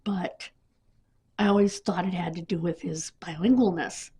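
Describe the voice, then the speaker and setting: Husky lady rambling about her family, halting, kinda sick and coughy. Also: fairly low pitch, steady tone, mellow. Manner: rambling, halting, with many restarts and fillers. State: coughing, sniffly. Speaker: vlogger. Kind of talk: casual personal storytelling.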